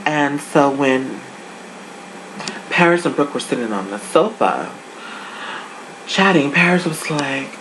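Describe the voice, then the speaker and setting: A sassy, dishy adult reviewer talking casually and swooping the voice up and down to make points. The voice sits in an ordinary middle register. A clear hiss of room noise runs under the speech. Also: unhurried, pauses often. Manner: sassy, dishy, big pitch swings. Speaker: online show reviewer.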